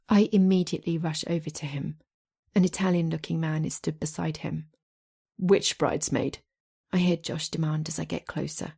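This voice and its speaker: A woman narrating a first-person romance audiobook in an expressive, lively storytelling manner. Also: low-pitched, gravelly, breathy edge.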